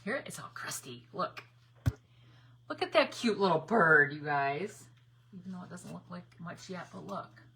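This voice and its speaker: A woman's voice: on the low side, lively intonation, normal speed, gravelly, pushed and bright, slight background noise. A woman hosting a live craft stream, chatting casually while she paints, greeting viewers by name and laughing often. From northern United States. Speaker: craft livestream host.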